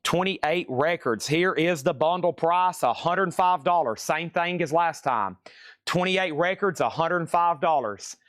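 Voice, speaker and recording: A man's voice: fairly high pitch, expressive, unhurried, a bit bright, no echo, studio quality. A man hosting a live-streamed record auction, joking around and repeating items and prices. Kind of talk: live-stream sales patter.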